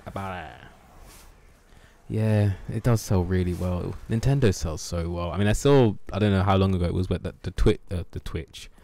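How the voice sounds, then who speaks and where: A man's voice: deep voice, a little fast, hardly any pauses, warm tone. A man streaming a video game live, rambling and swearing as he jokes with his chat. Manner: rambling, profane, joking banter with chat. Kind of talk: live gameplay commentary.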